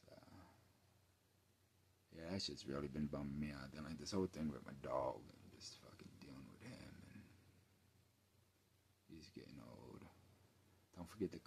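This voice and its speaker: Very low-voiced man rambling late at night. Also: darkish tone, breathy edge. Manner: rambling, profane, mumbling with trailing-off asides. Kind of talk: late-night personal rant. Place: home, indoors at night.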